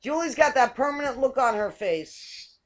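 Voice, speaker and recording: A woman's voice: high voice, expressive, moderate pace. An American woman hosting a casual video call chat, hesitant with many ums and frequent laughs. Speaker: show host.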